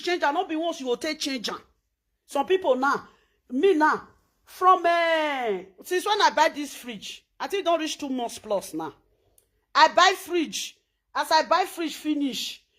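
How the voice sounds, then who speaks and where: A woman speaking Nigerian Pidgin English in an animated vlog monologue, emphatic and preachy, repeating her points. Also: high-pitched. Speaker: vlogger.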